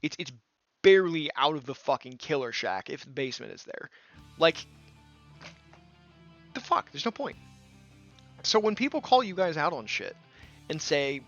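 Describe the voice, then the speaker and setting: A man's voice: fairly high pitch, very animated, moderate pace, long pauses, a bit bright, dull audio, faint music behind. A man ranting angrily in a gaming commentary video, blunt and full of profanity.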